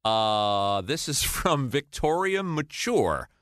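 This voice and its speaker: A man's voice: mid-range voice, big pitch swings, slow, fairly bright tone, no echo, clean studio sound. A man co-hosting a podcast, upbeat and chatty as he reads listener mail. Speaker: podcast co-host. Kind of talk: casual podcast chat.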